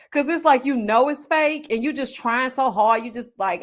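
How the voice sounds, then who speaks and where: Woman, higher voice, very lively pitch, sassy, laughs often, casual slang, live stream chat. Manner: sassy, laughs a lot, drawn-out "oh, honey" asides; southern US slang such as finna, y'all, child. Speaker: livestream host reading viewer comments. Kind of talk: casual reality-TV recap chat.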